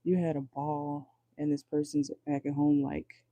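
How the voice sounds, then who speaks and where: A man reads tarot cards on a casual livestream, joking and chatting straight to his viewers with plenty of swearing. His voice is very dark and mellow and sits a touch high for a man. The sound is close and completely dry. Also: flat delivery, normal speed, no room sound, dull audio. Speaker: tarot reader.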